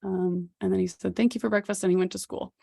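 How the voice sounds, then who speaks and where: A woman's voice: medium pitch, steady tone, fast, creaky, dark tone, breathy edge, no echo, studio quality. A woman in her thirties, a podcast co-host, telling a personal story in a candid, reflective way. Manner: candid, reflective, with occasional laughs.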